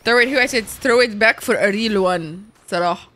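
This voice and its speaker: A woman streaming a game, chatting casually and profanely with her viewers and reacting quickly to chat. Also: mid-range voice, fairly bright tone. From Canada. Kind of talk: casual live-stream chat while gaming.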